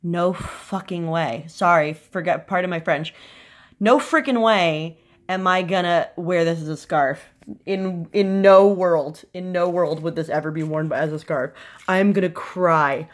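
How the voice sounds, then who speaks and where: A woman in a casual unboxing vlog, excitable and gushing, her voice swinging up into squealing highs. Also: a little slow. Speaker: vlogger unboxing a fan subscription crate.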